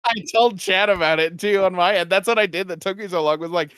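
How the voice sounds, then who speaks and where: A man's voice: sits high, fast, a loud crowd. A man co-hosting a podcast in casual chat, laughing often and swearing a lot. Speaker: podcast co-host.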